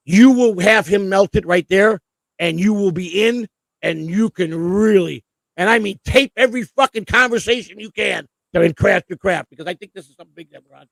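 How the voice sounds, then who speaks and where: Male stream host, high-pitched, gravelly, rapid-fire, profane and rambling. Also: no echo. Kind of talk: casual livestream chat.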